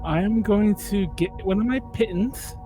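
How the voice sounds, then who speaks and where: A man's voice: sits high, normal speed, music in the background. Drunk, jokey male player. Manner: jokey, laughing asides. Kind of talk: casual tabletop play.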